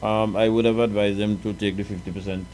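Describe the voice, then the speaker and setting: A man's voice: lowish voice, level tone, brisk, darkish tone, a little hiss or hum, poor audio. A man giving his opinion on a talk show, hesitant and rephrasing with frequent ums. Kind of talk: casual talk show discussion.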